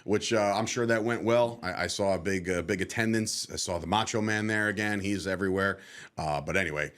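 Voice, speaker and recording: A man hosting a casual wrestling podcast, jokey and loud, laughing often. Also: deep voice, brisk. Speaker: podcast host.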